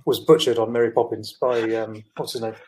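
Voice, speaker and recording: A man's voice: mid-range voice, level tone, a little fast, darkish tone. Dry-joking man from the uk. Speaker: co-host. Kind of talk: casual livestream chat.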